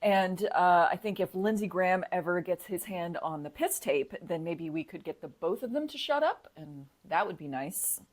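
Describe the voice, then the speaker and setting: Woman cohosting a podcast, voice a bit low, sarcastic and lively, laughs a lot. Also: normal speed, hardly any pauses. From United States. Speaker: podcast co-host. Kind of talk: casual political comedy chat.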